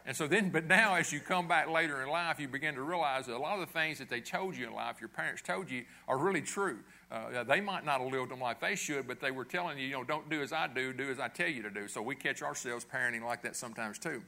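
Bright-voiced man preaching conversationally. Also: medium pitch, fast, vocal fry, hardly any pauses. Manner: conversational preaching with rhetorical questions and frequent "okay?". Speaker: pastor. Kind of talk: sermon.

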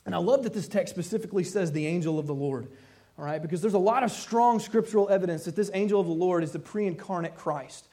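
A man with a fairly high voice preaching to his congregation. He tells a story in an animated way, acting out each person's voice as he goes, and his tone moves between gentle, hushed comfort and raised excitement. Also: fast talker. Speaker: pastor. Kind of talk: sermon.

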